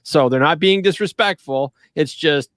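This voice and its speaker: A man hosting a casual online chat who tells stories in an animated way, acting out the dialogue and laughing often. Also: a little high, normal speed, no echo, clean studio sound. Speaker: podcast host. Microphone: video call.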